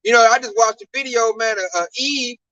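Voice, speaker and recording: A man's voice: very high voice, fairly quick, no echo, muffled recording. A man talking in a casual religious discussion, emphatic and slangy, telling stories with lots of energy. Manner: emphatic, slangy, animated storytelling. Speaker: discussion speaker. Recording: distant mic, dry sound.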